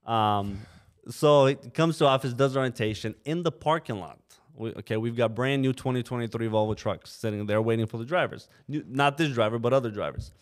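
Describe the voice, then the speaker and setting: Animated man telling trucking stories. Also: mid-range voice, fairly quick. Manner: animated anecdote-telling, acts out quoted drivers, frequent "you know". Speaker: trucking company co-owner, podcast guest. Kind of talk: casual storytelling. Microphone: podcast microphone.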